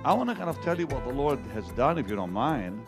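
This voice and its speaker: Over music, a middle-aged pastor shares his personal testimony before a live audience in a mid-range, creaky voice with big pitch swings. He stumbles and repeats words, and his voice turns hushed whenever he quotes what someone told him.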